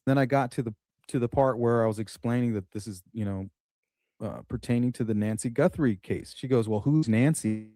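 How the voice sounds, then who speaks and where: A man's voice: medium pitch, fairly quick, no room sound, clean studio sound. A man telling a story in casual chat, animatedly acting out the dialogue. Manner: animated retelling, acts out dialogue.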